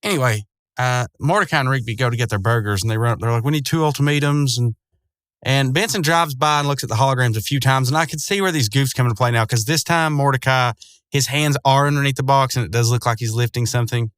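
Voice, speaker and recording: A man's voice: medium pitch, quick pace, a bit bright, dry recording. Rambling man casually recapping an episode. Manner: rambling, loose, chuckling often, many fillers. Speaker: show recapper.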